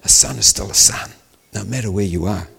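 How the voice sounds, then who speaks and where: Male preacher, low and husky, storytelling sermon with acted dialogue, long reverb. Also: brisk, sharp tone. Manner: storytelling, acts out dialogue, rising to emphatic peaks.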